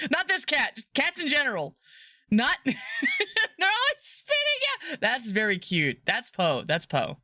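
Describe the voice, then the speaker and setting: Giggly woman streamer with a lively voice. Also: takes it slowly, pauses often, no room sound, clean studio sound. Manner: giggly and rambling, laughs often; playful, bursts into high squeals. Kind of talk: casual livestream chat.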